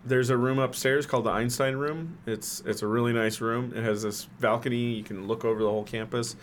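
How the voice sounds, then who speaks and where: A man's voice: mid-range voice, fairly even intonation, a little fast, a little hiss or hum. A man co-hosting a casual group chat, joking and laughing as he talks. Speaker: co-host.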